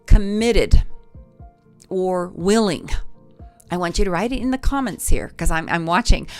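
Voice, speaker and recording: A woman's voice: mid-range voice, darkish tone. Encouraging woman vocal coach on a livestream. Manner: encouraging, speaks to viewers and reads their comments aloud. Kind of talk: live-stream coaching talk.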